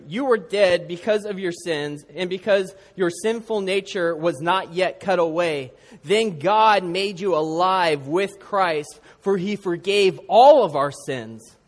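A man with a fairly high voice preaching a sermon. He prays earnestly and tells stories with animation, and his voice rings with the long reverb of a large hall. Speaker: pastor. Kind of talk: sermon with prayer and story.

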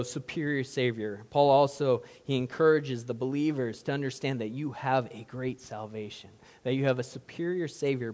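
A man preaching a sermon to a congregation, swinging from quiet, reflective passages to loud, emphatic ones. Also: mid-range voice. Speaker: pastor. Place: church hall with audience. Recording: long reverb of a large hall.

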